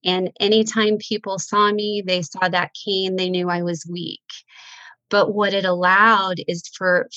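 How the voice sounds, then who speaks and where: A woman's voice: medium pitch, fairly bright tone, no echo, poor audio. A middle-aged woman telling a heartfelt faith story as a guest, breaking into laughter. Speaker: guest author. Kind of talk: emotional faith conversation.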